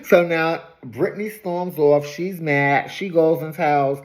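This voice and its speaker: A woman casually recapping a reality show episode in an animated, gossipy storytelling manner. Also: low voice, takes it slowly.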